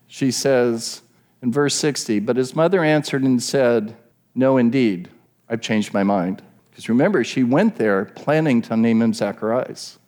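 A man's voice: medium pitch, darkish tone. Middle-aged man preaching a sermon. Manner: explanatory, asks the listeners questions.

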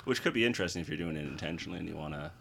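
A man's voice: very deep voice, expressive, very fast, gravelly, fairly bright tone. A man co-hosting a casual podcast, telling stories with lots of laughter. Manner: laughing storyteller, joking. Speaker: podcast co-host. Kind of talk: casual chat.

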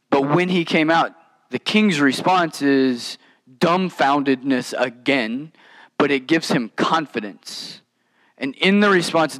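A man preaching a sermon in a conversational, animated way, with casual asides. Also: fairly high pitch, poor audio. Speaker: pastor.

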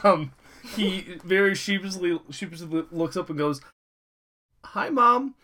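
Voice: medium pitch, steady tone, normal speed, a bit bright. A player in a tabletop game, giggling and hesitating while describing a character. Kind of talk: casual tabletop play.

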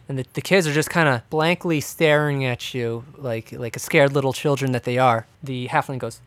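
A man running a tabletop game as game master, narrating scenes in a lively, descriptive way. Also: medium pitch, normal speed, few pauses, no echo.

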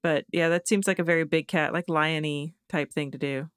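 A woman's voice: deep voice, steady tone, a bit bright, clean tone, no room sound, studio quality. Playful woman in a casual chat. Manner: playful, quick reactions and jokes. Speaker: podcast co-host.

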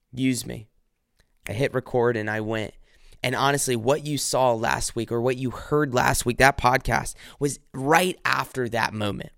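Male podcast host, earnest, halting devotional talk, gravelly voice, dry close sound. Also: a little high, a bit bright, dry recording. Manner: earnest, halting, many restarts and fillers. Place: living room at home.

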